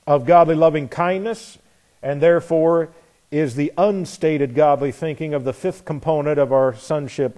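A man's voice: fairly high pitch, warm tone. A man preaching a sermon to his assembly in a conversational teaching manner, explaining words and sometimes spelling them out letter by letter. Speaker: pastor.

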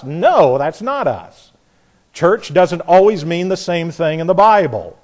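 A man preaching a verse-by-verse Bible sermon, animated, acting out the voices in the stories and chuckling at his own points. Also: high-pitched, measured pace.

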